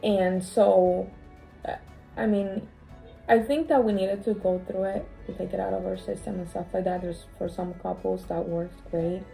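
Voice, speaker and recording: A woman telling a personal story in a heartfelt conversation, emotional and halting, often restarting her phrases. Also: medium pitch, steady tone, creaky, warm tone, soft background music, poor audio. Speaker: co-host sharing her story.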